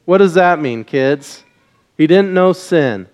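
Animated and unhurried, a man with a slightly high, darkish voice wears a mic as he gives a children's message in a church sanctuary with the congregation. He asks the kids questions and leads them through call-and-response.

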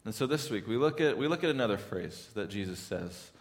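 A pastor preaching a sermon in a church, talking in a conversational way, often repeating words and rising into loud, pleading questions. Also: male voice, lowish voice, lively intonation, brisk, in a large hall.

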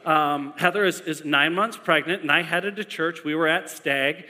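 A male pastor preaching a sermon, telling stories in an animated way and repeating lines for emphasis. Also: fairly high pitch, moderate pace. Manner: animated storytelling with emphatic repetition. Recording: long echo of a large hall.

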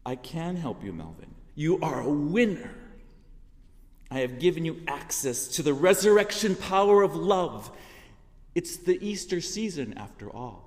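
God speaks here as a calm, patient presence with simple, gentle words, put on by a male preacher in the middle of his sermon. The voice sits a touch high. It rings out with the long reverb of a large hall. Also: measured pace. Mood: reassuring.

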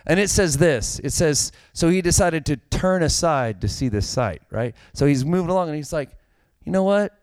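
Smooth-voiced man preaching a sermon. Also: a little high, moderate pace, hardly any pauses, no echo. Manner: conversational, animated storytelling with a dry joke. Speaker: pastor.

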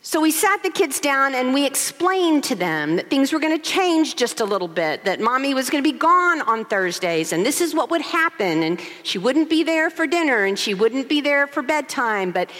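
A woman's voice: high-pitched, normal speed, hardly any pauses. A woman co-pastor in her forties preaching a sermon, telling stories and asking rhetorical questions. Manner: expressive storytelling with rhetorical questions. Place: large church sanctuary. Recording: long hall reverb.

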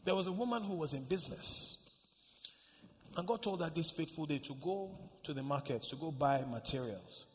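A man pastor preaching, telling a story with sudden shouts and hushed asides. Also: fairly high pitch, animated, moderate pace, slight background noise. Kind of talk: sermon. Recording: echoey hall, faint ambience.

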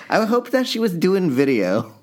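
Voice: mid-range voice, sing-song, unhurried, a little mellow. A podcast co-host chatting casually about a movie in a rambling way, full of fillers and laughter. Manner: rambling, lots of "like" and "um", laughs often. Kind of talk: casual movie review chat.

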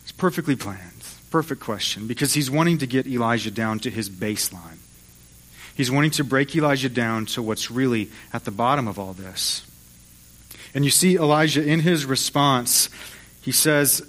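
A man's voice: mid-range voice, lively intonation, normal speed, a bit bright. A man preaching a sermon as pastor, retelling a story and acting out the voices of its figures.

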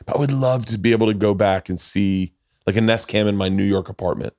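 Profane rambling man, low voice. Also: steady tone, fast talker, a little mellow, dry recording, studio quality. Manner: rambling, profane, acts out quotes in others' voices. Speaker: podcast host. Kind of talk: casual chat.

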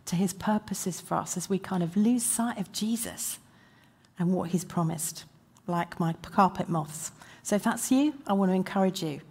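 Woman preaching an animated sermon. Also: medium pitch. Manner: animated, acts out quoted prayers with rising intensity.

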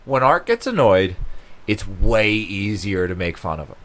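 Man, low voice, casual storyteller, swears a lot, laughs easily. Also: very animated, unhurried, fairly bright tone. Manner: laid-back storyteller, swears freely, laughs often. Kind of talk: casual chat.

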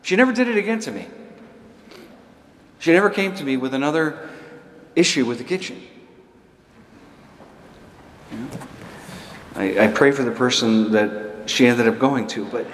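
A man preaching a sermon as a priest, telling a story in a conversational, halting way with many restarts. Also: medium pitch, big pitch swings, reverberant, long reverb tail, a little hiss or hum.

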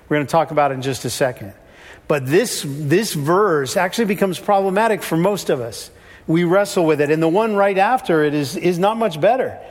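A male pastor with a fairly high voice delivers a sermon in an easy, conversational manner. He drops into other voices when he quotes people. His words ring out with the long reverb of a church hall. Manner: conversational, shifts pitch when quoting.

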